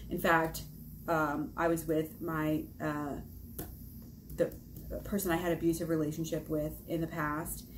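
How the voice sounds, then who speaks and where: A woman talking casually to her viewers in a vlog about self-help, lively, swearing and acting out her own inner dialogue. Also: deep voice, a little hiss or hum. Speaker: vlogger on self-help and shadow work.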